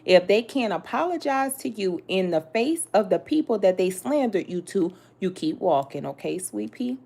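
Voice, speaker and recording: A woman's voice: medium pitch, big pitch swings, moderate pace, creaky, mellow. Blunt, sassy woman reading tarot. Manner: blunt, sassy, talks straight to the listener with slang and cursing. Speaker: tarot reader.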